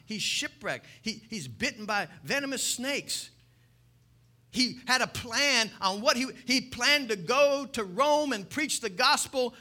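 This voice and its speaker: Pastor, male, high bright voice; emphatic sermon, rhetorical questions, loud-to-soft swings. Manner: emphatic preaching, swinging from loud exclamation to soft low intensity; asks the congregation rhetorical questions.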